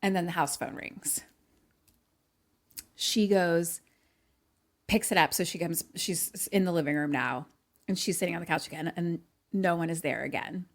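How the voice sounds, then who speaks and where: Woman, podcast co-host, slightly low pitch, casual movie recap, chatty, many fillers. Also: moderate pace, pauses often. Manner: chatty, filler-heavy retelling with acted-out quotes.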